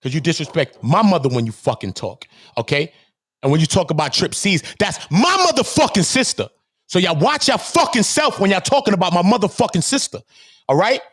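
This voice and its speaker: Loud, profane man ranting with high lively pitch. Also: fairly quick, slightly rough. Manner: loud, profane, swings from low muttering to high shouting. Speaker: channel host. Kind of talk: heated commentary rant.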